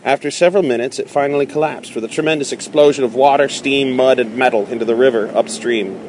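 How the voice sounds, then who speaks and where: A man reads a novel aloud at a measured pace, now and then stumbling and restarting a phrase. His voice sits at an ordinary middle pitch. Faint traffic and street sounds linger in the background. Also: darkish tone. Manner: measured, with small slips and restarts. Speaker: audiobook reader.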